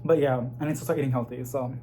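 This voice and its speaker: A chatty man vlogs from his home kitchen, rambling excitedly to viewers he calls y'all. His voice sits at a middle pitch for a man. A steady hiss of noise runs under the phone recording. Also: racing. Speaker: plant vlogger. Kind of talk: casual chatty vlog. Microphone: phone camera.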